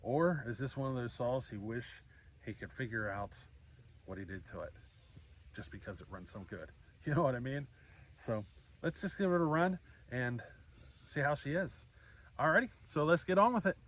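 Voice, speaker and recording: A man's voice: mid-range voice, lively intonation, moderate pace, fairly bright tone, slight background noise. Folksy, rambling man talking outdoors. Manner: rambling, folksy, many fillers. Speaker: chainsaw channel host. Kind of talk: casual chat to camera.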